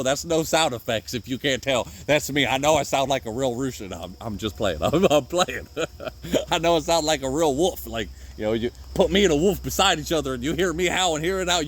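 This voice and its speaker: Guy cussing his way thru a pep talk out in the rainy woods, voice sits kinda high. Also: fairly bright tone. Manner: rambling and profane, swears often, jokes at himself. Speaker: podcast host. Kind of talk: unscripted motivational monologue. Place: outdoors in the woods in the rain.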